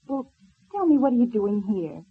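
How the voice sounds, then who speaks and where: A woman's voice: a little high, big pitch swings, normal speed, breathy edge, exaggerated voice. A spirited teasing young woman. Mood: playful. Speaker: radio drama actor. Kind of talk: 1930s radio serial acting. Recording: old narrow-band radio transfer.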